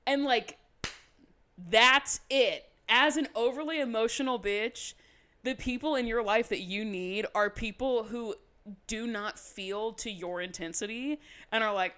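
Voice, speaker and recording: A woman co-hosting a podcast, recapping in casual chat with animated, swear-filled asides. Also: mid-range voice, moderate pace. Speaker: podcast co-host.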